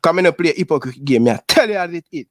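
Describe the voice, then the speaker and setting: On a dry recording, a man with a Jamaican accent races along in a highish voice with lively intonation. Hosting his YouTube show, he vents heatedly and casually, aggrieved, repeating "brother" often.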